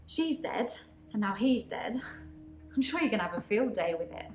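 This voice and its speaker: A woman voicing a troubled young female patient who believes she can shapeshift, speaking in an earnest, halting way. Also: a little high, sing-song, a little mellow, reverberant, faint music behind. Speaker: game character.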